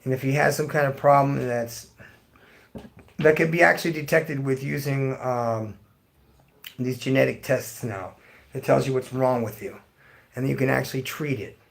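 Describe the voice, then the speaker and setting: A man's voice: medium pitch, fairly even intonation, moderate pace, gravelly, pauses often. A middle-aged man hosting a live stream, ranting bluntly to his chat and swearing constantly. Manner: blunt, heavily profane, ranting. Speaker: livestream host. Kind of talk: profane rant to live chat.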